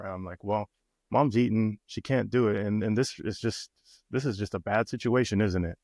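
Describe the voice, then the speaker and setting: His lowish, slightly mellow voice stays fairly even and fairly quick as this thirties-aged coach and podcast co-host recounts a family story. He keeps restarting and imitates the people he quotes, and the studio sound is clean with no echo.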